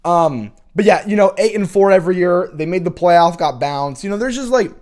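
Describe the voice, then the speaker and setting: A man's voice: high-pitched, fairly quick, a little mellow. A young man hosting a college football show, talking in a casual, opinionated, rambling rant with many restarts.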